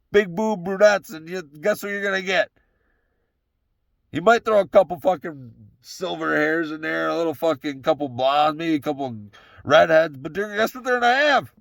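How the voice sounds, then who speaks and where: A young man talks alone from his truck, ranting loosely and swearing at every turn. His voice sits high and has a gravelly edge. The sound is dry and close, with no room echo. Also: a bit bright. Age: young adult. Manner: profane, rambling, heated. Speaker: solo podcast host. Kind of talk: casual solo rant.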